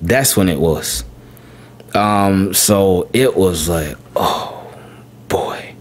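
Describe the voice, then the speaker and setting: Podcast guy, lowish voice, rambling story, repeats himself a lot, goes way high doing his kid. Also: extremely slow. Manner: rambling, repeats words, animated when quoting his son. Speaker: podcast host. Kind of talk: casual storytelling.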